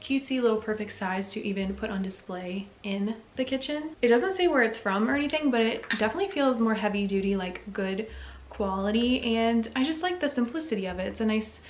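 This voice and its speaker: A woman's voice: a little high, animated, a little fast. Gushing young woman showing thrift finds. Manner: gushing, soft and enthusiastic. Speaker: vlogger. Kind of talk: casual thrift haul show-and-tell.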